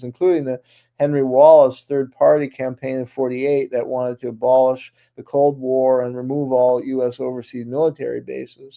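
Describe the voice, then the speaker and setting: A man's voice: mid-range voice, gravelly, warm tone. A man speaking as a guest on a radio interview show, talking in long runs with many restarts and fillers. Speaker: guest author.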